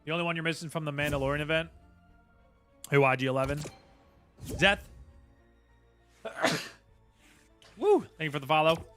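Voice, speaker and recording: A man's voice: a little high, normal speed, pauses often. A man streaming a game live, chatting casually and greeting viewers by name, with faint music behind.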